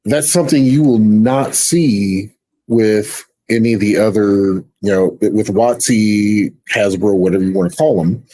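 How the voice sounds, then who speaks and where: A man's voice: on the low side, unhurried, dark tone, rough recording. A man on a casual panel, talking hesitantly and repeating words as he finds his point.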